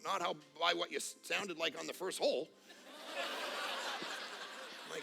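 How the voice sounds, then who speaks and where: Middle-aged pastor guy, high gravelly voice, jokey sermon, goes from quiet to yelling. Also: a little slow, over music. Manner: animated, swings from quiet asides to loud near-shouting; casual, joking storyteller. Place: church auditorium.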